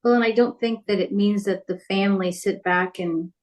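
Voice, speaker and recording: A woman of middle pitch speaks up in a recovery group discussion. She talks in a conversational way and works her thoughts out as she goes. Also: fairly even intonation, normal speed. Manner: conversational, thinks aloud.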